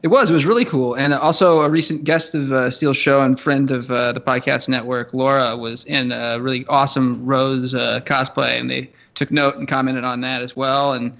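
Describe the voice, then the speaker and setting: A man co-hosts a relaxed podcast conversation. He stammers and laughs easily in a mid-range voice. His audio is dull and lo-fi. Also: mid-range voice, normal speed, gravelly, few pauses. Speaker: podcast co-host. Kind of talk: casual podcast chat. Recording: dull lo-fi line.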